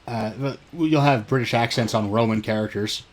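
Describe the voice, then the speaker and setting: A man giving casual commentary while he plays, with quick dry asides. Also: mid-range voice. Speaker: player and co-host of a gaming video.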